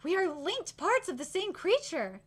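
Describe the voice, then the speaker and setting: A woman voicing a polite, devoted male servant in a manga read-aloud, soft and hesitant. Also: extremely high pitch, very animated, normal speed. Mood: earnest.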